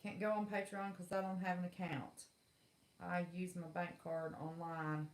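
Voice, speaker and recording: A woman's voice: fairly low pitch, flat delivery, unhurried. A middle-aged woman, hosting a casual livestream chat in a blunt, folksy, exasperated way. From West Virginia. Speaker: livestream host. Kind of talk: casual live chat rant. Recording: echoey room.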